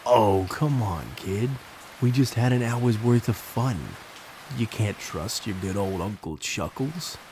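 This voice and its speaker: A man's voice: lowish voice, takes it slowly, background noise. A man voicing a creepy male party clown with a thick New York accent, coaxing and wheedling.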